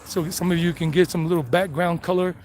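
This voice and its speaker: Strolling city streets with traffic passing, an American man whose accent blends South Carolina and New York chats loosely on his live-streamed walking tour, reading phone chat messages as he goes. His high voice is brisk and a little mellow, with fairly even intonation. Street traffic is faintly audible.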